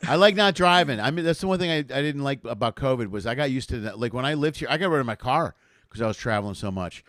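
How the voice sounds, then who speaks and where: A man hosting a casual comedy chat, animated and foul-mouthed, acting out little bits as he goes. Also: medium pitch, fast talker, no echo, clean studio sound. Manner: animated, swears freely, acts out bits. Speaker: host.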